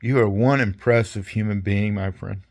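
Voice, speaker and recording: A man's voice: lowish voice, steady tone, moderate pace, a little mellow. Older man telling rambling, salty stories. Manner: rambling, folksy, salty, chuckling. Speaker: veteran interviewee. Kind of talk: casual storytelling interview.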